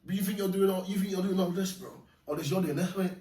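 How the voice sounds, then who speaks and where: Male guest, fast and animated storyteller, slightly high voice, roomy far-mic sound. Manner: animated, laughing, slangy. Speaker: podcast guest. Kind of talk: casual storytelling. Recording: echoey room, mic far off, faint noise.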